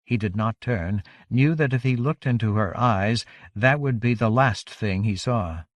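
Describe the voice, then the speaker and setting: A man narrating a fantasy audiobook in a measured, even reading on a close studio mic. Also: on the low side, no echo.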